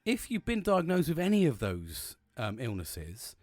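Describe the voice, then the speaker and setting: A man's voice: fairly high pitch, wildly swooping pitch, unhurried, no room sound. A man hosting a solo podcast, talking candidly and bluntly in a rambling, casual way, swearing freely and often restarting his sentences. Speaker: podcast host.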